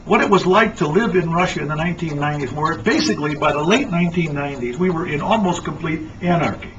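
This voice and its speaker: A man speaking as a lecturer, animated and emphatic as he tells stories. His voice is high for a man. The sound is muffled and distant, with faint noise. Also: quick pace. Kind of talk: lecture talk.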